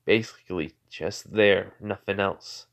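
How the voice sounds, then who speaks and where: Man, rambling fan story, lots of filler words, self-corrections, somewhat low voice. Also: fairly even intonation, a little slow, gravelly, fairly bright tone. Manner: rambling, full of "like" and "you know", corrects himself often. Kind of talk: casual improvised storytelling.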